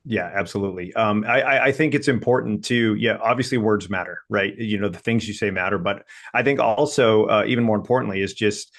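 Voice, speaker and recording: Thoughtful low-voiced man. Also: fairly quick, few pauses, a bit bright. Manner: thoughtful, many fillers and restarts. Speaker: coach and podcast co-host. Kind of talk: casual podcast conversation.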